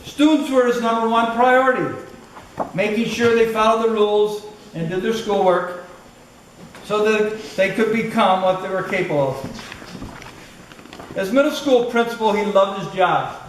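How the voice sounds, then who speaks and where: An older man delivering a fond funeral eulogy in a high voice. He is picked up from a distance in a large echoey hall with steady noise. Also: normal speed. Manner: storytelling, fond, chuckling. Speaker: eulogist, former school colleague.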